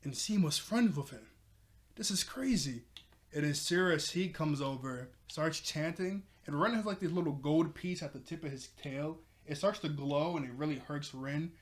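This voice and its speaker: A man's voice: fairly high pitch, moderate pace. Rambling young man recapping an anime. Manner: rambling, full of "like" and "you know"; enthusiastic fan. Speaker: anime reviewer. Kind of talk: casual episode recap.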